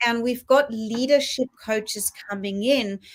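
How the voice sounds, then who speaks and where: A woman's voice: fairly high pitch, a little slow. A woman co-hosting a casual spiritual chat show, talking earnestly and acting out little quoted exchanges. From Australia. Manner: earnest, with lively quoted asides. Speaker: co-host.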